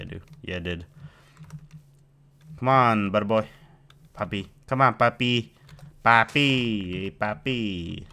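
A man's voice: fairly low pitch, bright, forceful tone. A man giving rambling, playful commentary while playing a video game and chatting to his in-game pet. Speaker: gameplay video host. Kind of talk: casual let's-play commentary.

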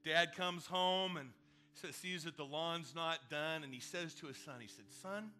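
A man's voice: a little high, steady tone, unhurried, sharp tone. A male pastor delivering a sermon and prayer in an earnest, storytelling manner.

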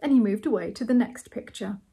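A woman reading a novel aloud as a storyteller, measured and gently amused. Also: mid-range voice, husky.

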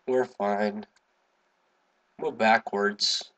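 Excitable man doing gameplay commentary. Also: slow pace, breathy edge, muffled recording. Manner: excitable, swearing, hums to himself, sudden high yelps. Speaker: gaming video host.

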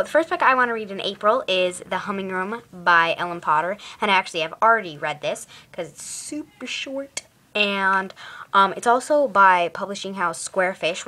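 In a casual book chat to camera, a teenage vlogger rambles about her upcoming reads using a put-on British accent. She speaks at a mid-range pitch with a pushed, bright quality.

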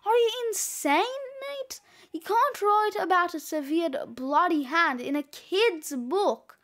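A woman's voice: extremely high pitch, lively intonation, slow, heavily acted. A woman reading aloud and voicing a sensible schoolboy who scolds and objects in an exasperated tone. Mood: shocked. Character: fussy, sensible boy friend, easily shocked.

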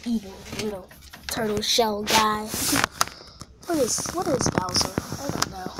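A woman giving casual commentary over a video game, swinging between quiet mumbling and excited squeals and panicked shouts. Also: mid-range voice, a little slow, background noise. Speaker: gameplay video host.

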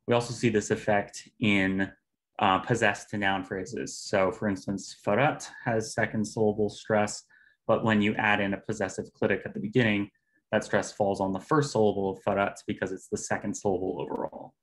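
Low-voiced man presenting linguistics research. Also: flat delivery. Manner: measured, uses fillers. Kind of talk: academic talk on phonology.

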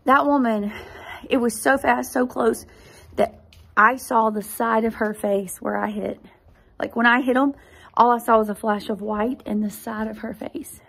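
Lady vlogger telling her testimony, husky gravelly voice, earnest and talks right to ya. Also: a little high, unhurried, long pauses. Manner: earnest, animated storytelling addressing viewers directly. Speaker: faith vlog host. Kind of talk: personal testimony storytelling.

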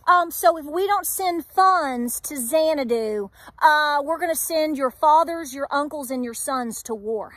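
A middle-aged woman with an Appalachian accent holds forth to her audience, firing off rhetorical questions and driving her points home with insistent repetition. Her voice sits high, and the recording is close and dry, with no room sound around her. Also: a bit bright, dry recording. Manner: preachy, emphatic, rhetorical questions to viewers. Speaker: homestead vlogger. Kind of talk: candid talk to camera.

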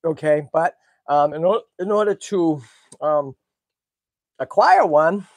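A middle-aged man from the Boston area, hosting a tortoise sanctuary vlog in an excitable, chatty way and talking to animals and viewers as he walks. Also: a little high, takes it slowly, dry recording. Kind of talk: casual walk-and-talk vlog.

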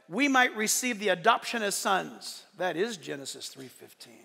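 A man preaching in a very high, bright voice that rings through a large hall. His delivery is emphatic and animated. He breaks off into joking asides before driving his point home again. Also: normal speed, creaky, husky. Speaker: pastor. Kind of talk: sermon. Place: church sanctuary during a service. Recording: long reverb of a large hall.

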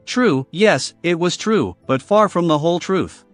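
A man's voice: on the high side, very animated, moderate pace, few pauses, no echo. A man narrating a first-person revenge story in a bitter, controlled way. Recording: dry voice with faint music behind.

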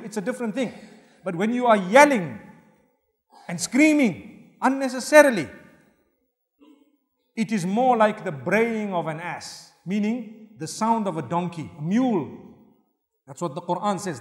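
A male Islamic preacher giving a sermon lecture, earnest and humorous, swinging between loud emphasis and soft asides. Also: sits high. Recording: long hall reverb.

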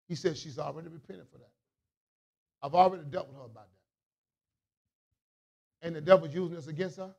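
A man preaching a sermon as a bishop, in a call-and-response style that swings from quiet asides to shouts. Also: high voice, a little fast, creaky, pauses often.

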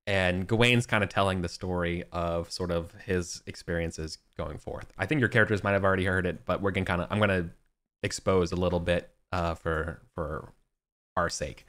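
A man's voice: low-pitched, steady tone, a bit bright. A young man running a tabletop game as game master, talking casually with many fillers and restarts. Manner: casual, halting, lots of fillers.

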